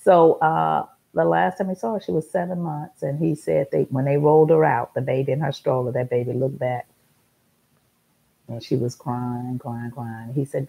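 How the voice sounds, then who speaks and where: A woman's voice: a bass voice, fairly even intonation, normal speed, creaky, dark tone, slight background noise, rough recording. A middle-aged woman hosting a talk show, telling a story in an emphatic, repetitive monologue.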